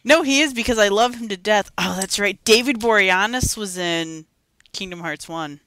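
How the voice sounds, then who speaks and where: A young adult woman co-hosting a casual gaming podcast, chatty and animated, with frequent giggles. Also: medium pitch, normal speed. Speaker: podcast co-host.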